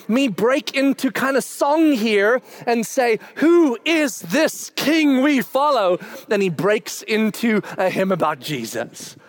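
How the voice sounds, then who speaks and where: A middle-aged man preaching a sermon in a notably high voice. He talks in an animated way and swells to loud, excited shouting at his peaks, then drops back to plain explaining. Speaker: pastor.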